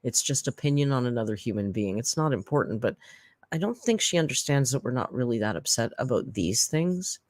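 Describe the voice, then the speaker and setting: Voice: medium pitch, expressive, fairly quick, a little mellow, dry recording. A reaction channel host giving chatty, sarcastic live-stream commentary to viewers.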